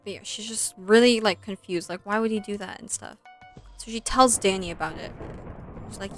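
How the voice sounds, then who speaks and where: Over faint music, a young woman with a mid-range voice talks at a moderate pace while streaming a video game. She's chatty and scattered, retelling a film between plays, leaning on likes and ums, and cursing at the game.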